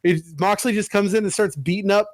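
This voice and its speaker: A man co-hosting a casual gaming podcast, ranting excitedly and swearing often. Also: sits high, fairly quick, no room sound. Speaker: podcast co-host. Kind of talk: casual chat.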